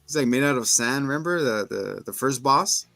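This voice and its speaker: A man casually recapping a film for a podcast, retelling scenes with quick voices for the characters. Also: mid-range voice, animated, gravelly, sharp tone, no room sound, soft background music. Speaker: podcast co-host. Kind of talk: casual movie review chat.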